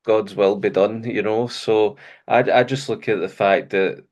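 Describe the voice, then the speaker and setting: A Scottish man in middle age hosts a faith-centred conversation. His voice sits on the low side and he talks earnestly, often breaking into an easy laugh. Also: fairly even intonation, a little slow, a little mellow. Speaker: host. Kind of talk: casual faith interview chat.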